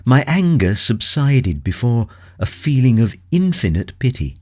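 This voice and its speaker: Grave, slow male audiobook narrator. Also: medium pitch, very animated, darkish tone. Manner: measured, grave, dramatic. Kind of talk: scripted narration of a classic novel.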